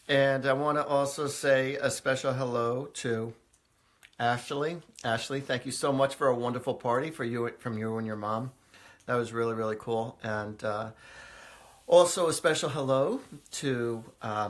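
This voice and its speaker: A man's voice: medium pitch, a little slow, fairly bright tone. A man hosting a live stream as a psychic, telling stories in a chatty way with many fillers, often laughing. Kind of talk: casual live-stream storytelling. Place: indoors, live video stream.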